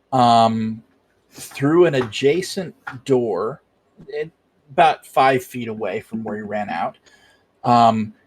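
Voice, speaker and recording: A man narrating a tabletop role-playing game as game master, often pausing on fillers. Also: mid-range voice, husky. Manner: hesitant, many fillers.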